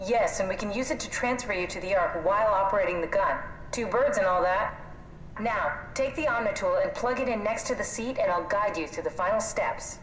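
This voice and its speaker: A woman's voice: medium pitch, fairly quick, lightly acted. An actress voicing a wry, self-deprecating female AI guide in a video game, recorded with a roomy echo under gameplay noise. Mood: determined. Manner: dry, self-deprecating, matter-of-fact.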